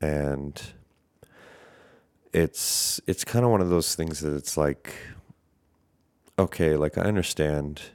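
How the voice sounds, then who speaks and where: A man's voice: very deep voice, takes it slowly, pauses often, a little mellow, clean tone, no echo, studio quality. A man hosting a casual podcast, rambling and hesitant with many fillers, congested and tired, breathing through his mouth. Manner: rambling, hesitant, lots of fillers, self-deprecating. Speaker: podcast host.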